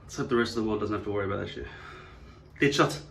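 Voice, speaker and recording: A man's voice: fairly low pitch, little pitch movement, racing, gravelly, echoey room. A man hosting a vlog, musing and digressing wryly as he works. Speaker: channel host. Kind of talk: rambling vlog monologue.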